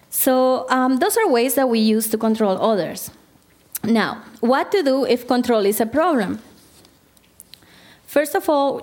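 Higher-voiced woman therapist teaching a group. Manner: conversational, asks the audience questions. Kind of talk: Christian counseling talk to a group.

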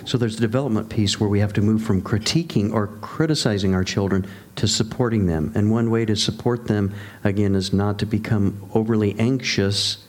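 A man with a fairly low voice hosts a casual discussion and speaks as a father. He talks in a measured way and sums up the points others have made. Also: steady tone.

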